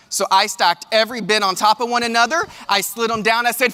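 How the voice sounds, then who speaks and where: High, bright-voiced man in a hall. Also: brisk, hardly any pauses. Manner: animated storytelling, addresses audience directly. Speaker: keynote speaker. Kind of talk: motivational keynote. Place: large hall with live audience. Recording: long hall reverb.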